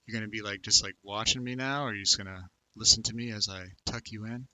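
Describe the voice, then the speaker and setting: A man in his thirties from the United States hosts a loose livestream chat, greeting viewers by name and wandering from thought to thought with many fillers. His voice sits a little low but sounds very bright and forceful. The sound is dry and close, with no room echo. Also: steady tone, fairly quick. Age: 30s. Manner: rambling, filler-heavy, talks to viewers by name. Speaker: livestream host. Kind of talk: casual live chat reading comments.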